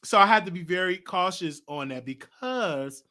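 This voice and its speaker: A man hosting a show and telling a personal story in a rambling, animated way, with laughter and many restarts. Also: sits high, moderate pace. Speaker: talk show host. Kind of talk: casual storytelling monologue.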